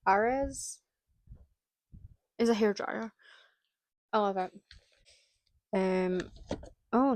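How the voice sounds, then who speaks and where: A woman's voice: medium pitch, dry recording, low-quality recording. A young woman, a hairdressing student chatting casually and laughing as she goes, with the odd swear. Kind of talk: casual vlog chat.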